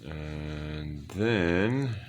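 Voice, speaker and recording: A man's voice: a bass voice, lively intonation, extremely slow, slight background noise. A sleepy man narrating his game casually to viewers, trailing off and mumbling to himself as he plays. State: very sleepy, yawning. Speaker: gaming YouTuber. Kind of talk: casual gameplay commentary.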